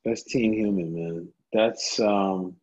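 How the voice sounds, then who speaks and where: Male podcast host, laid-back and affirming, husky voice, muffled lo-fi audio. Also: on the low side, steady tone, slow pace, a little mellow. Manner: affirming, calls guest "man" and "dude". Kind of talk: casual interview chat. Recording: dull lo-fi audio.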